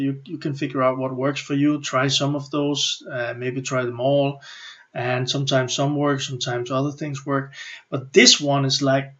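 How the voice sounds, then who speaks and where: A middle-aged business and personal development coach with a Danish accent gives a motivational coaching lesson. His medium-pitched delivery is animated: he acts out inner thoughts and often restarts his sentences. The lo-fi audio sounds slightly muffled.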